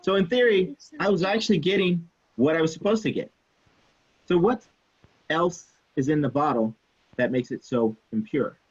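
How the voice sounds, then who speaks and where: A man teaching chemistry in a casual, animated way, telling a story from his own student days and acting out the people in it. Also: on the high side, normal speed, husky, highs cut off. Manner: animated, acts out quoted people, swears casually. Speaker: chemistry instructor.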